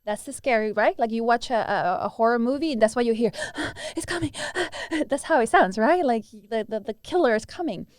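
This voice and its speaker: A woman's voice: fairly high pitch, animated, a little fast, few pauses, clean tone, no echo. A woman who teaches breathwork, answering interview questions earnestly and demonstrating breathing sounds as she explains.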